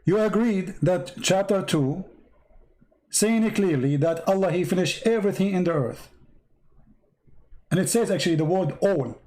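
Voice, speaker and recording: A man hosting a live stream debate, insistently repeating his questions to a caller and reading verses aloud, his voice going hoarse. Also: high voice, measured pace, long pauses, a little mellow, rough recording. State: losing his voice.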